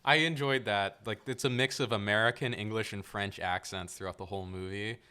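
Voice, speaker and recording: A man co-hosting a podcast, talking through film ideas in a measured, thoughtful way. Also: lowish voice, bright, forceful tone, clear, resonant tone. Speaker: podcast co-host. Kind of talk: casual film-discussion chat.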